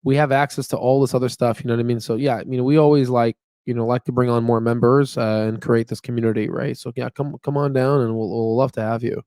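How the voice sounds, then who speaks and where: A chatty, upbeat man talks off the cuff on a live stream. His voice sits in an ordinary middle pitch, and he rambles through fillers and asides. The sound is dry and close, with no room echo. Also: little pitch movement, fast talker, hardly any pauses, warm tone. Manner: rambling, filler-heavy, with frequent "you know what I mean". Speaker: stock market channel host. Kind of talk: casual live-stream chat.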